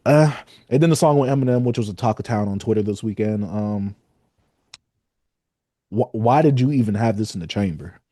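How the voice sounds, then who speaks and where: A man co-hosting a music podcast, giving laid-back, opinionated reviews in casual chat with drawn-out fillers. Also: on the low side, dark tone, no echo, studio quality. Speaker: podcast co-host.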